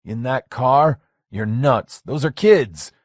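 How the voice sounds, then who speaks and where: A man's voice: medium pitch, lively intonation, slow, no echo, studio quality, voice pushed up. A man doing a frantic, exasperated young man. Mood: arguing. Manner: urgent, incredulous.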